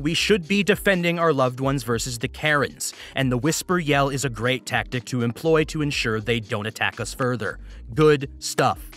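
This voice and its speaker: A man narrating online stories in an expressive, wry manner. His mid-pitched voice moves in a lively way, with faint music under it. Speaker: story narrator. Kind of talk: reading online stories aloud.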